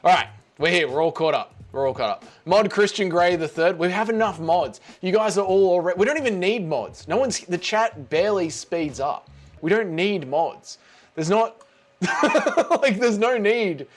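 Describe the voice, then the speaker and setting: A man's voice: high-pitched, lively intonation, moderate pace. Rambling Australian man streaming live. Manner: rambling, chatty, greets viewers by name. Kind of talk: casual live stream chat.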